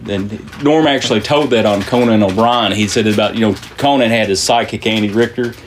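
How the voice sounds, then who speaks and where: Slight background noise sits behind a podcast host whose fairly low voice moves a little fast. He rambles through a casual, joke-filled chat, stumbling into many fillers and restarts.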